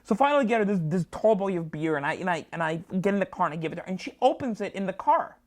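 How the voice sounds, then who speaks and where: A woman's voice: medium pitch, animated, very fast. A woman comedian telling a story as a guest, acting out both sides of the conversation with big jumps in her delivery. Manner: jumpy, acts out both sides of dialogue with big swings. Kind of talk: animated anecdote storytelling. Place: studio.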